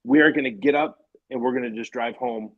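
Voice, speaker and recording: A man tells anecdotes in relaxed conversation, acting out the lines of the people in his stories. His voice sits at a middling pitch and keeps moving forward. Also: brisk, dull audio. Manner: lively, acts out quoted dialogue. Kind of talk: casual storytelling chat.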